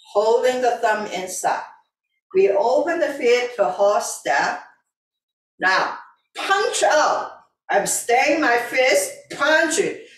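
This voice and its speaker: A woman teaching a tai chi class, calmly repeating breathing cues in simple, broken grammar. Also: medium pitch. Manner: calm, repetitive breathing cues, simple non-native grammar. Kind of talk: guiding an exercise class. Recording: echoey room, voice from a distance.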